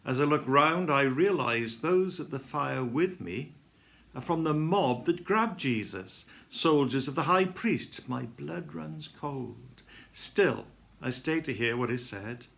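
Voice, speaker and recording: A man giving a dramatic first-person devotional reading, telling the story with emotion that swings between hushed and loud. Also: medium pitch, animated, slow pace, creaky. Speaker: devotional reader.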